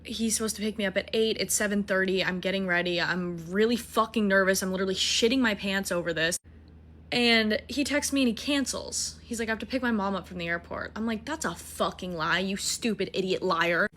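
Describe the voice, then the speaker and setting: Young woman, bright forceful voice, casual storytime, animated and profane. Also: mid-range voice, brisk. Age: 20s. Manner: animated, swearing, self-mocking.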